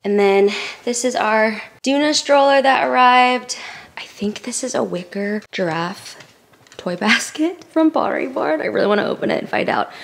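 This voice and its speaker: Gushing young woman vlogger, slightly high voice, at home in a roomy room. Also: animated, moderate pace, gravelly. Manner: gushing, chatty, many fillers. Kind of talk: casual haul vlog. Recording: roomy echo, faint noise.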